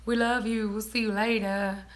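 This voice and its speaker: A young woman vlogging, casually telling family stories, animated and laughing. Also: mid-range voice, moderate pace. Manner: animated, laughing, mimics people in quotes. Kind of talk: casual storytelling chat.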